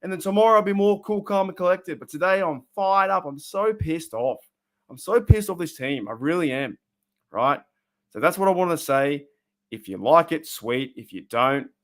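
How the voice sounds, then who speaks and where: An Australian man streaming from his room, ranting bluntly about his team, his voice rising loud and dropping to a mutter. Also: mid-range voice. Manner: fired-up, blunt, swings between loud and muttered. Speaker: sports fan streamer. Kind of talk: emotional live-stream rant.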